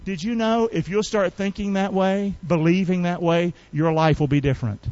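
A man preaching a sermon in a folksy, colloquial way, calling on the congregation to repeat after him and rising to shouts. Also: sits high, moderate pace, hardly any pauses, no room sound, lo-fi sound. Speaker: pastor.

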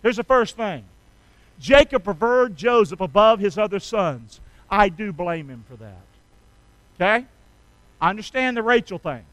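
High-voiced preacher, call-and-response. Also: male voice, measured pace, dry recording, poor audio. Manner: call-and-response preaching, asks congregation to repeat; animated, rising loud on key phrases. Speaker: pastor. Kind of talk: sermon.

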